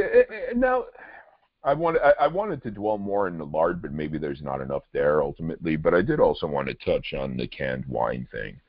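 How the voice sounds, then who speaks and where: A man co-hosting a casual chat, rambling and halting with lots of restarts. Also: rumbling low, slightly rough, no echo, highs cut off. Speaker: podcast co-host and wine reviewer.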